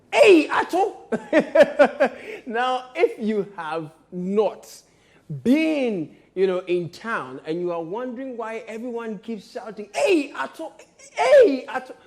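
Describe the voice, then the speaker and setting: A man's voice: sits high, big pitch swings, normal speed. A man hosting a satirical comedy show, joking and laughing often as he talks. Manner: playful, laughs often, mock shouting. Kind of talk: comic satirical commentary.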